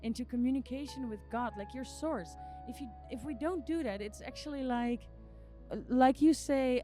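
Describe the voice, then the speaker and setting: Earnest woman, fairly high voice, faint music. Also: moderate pace, warm tone. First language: not English. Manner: earnest, emotional, repetitive phrasing. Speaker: podcast host. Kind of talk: spiritual monologue.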